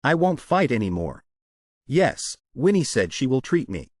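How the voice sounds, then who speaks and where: A man's voice: mid-range voice, very animated, a little slow, no room sound, studio quality. A man voicing a naive, good-hearted young man who speaks simply and earnestly.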